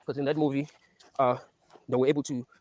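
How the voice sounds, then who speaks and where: Fast-talking, animated man, dry close sound. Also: medium pitch, dry recording. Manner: animated, profane, laughs while recapping scenes. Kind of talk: casual rant.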